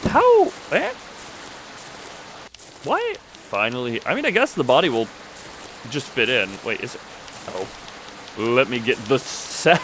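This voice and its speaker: A man's voice: mid-range voice, slow pace, long pauses, a little hiss or hum. A young man streaming a game, joking and talking to himself as he plays. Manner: animated, joking, talks to himself. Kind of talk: let's-play commentary. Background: game music.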